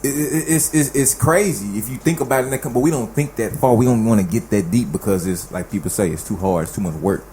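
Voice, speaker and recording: A man from Dallas, hosting a casual podcast chat, telling stories in an animated, slangy way. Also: lowish voice, fast talker, hardly any pauses, slight background noise. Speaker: host.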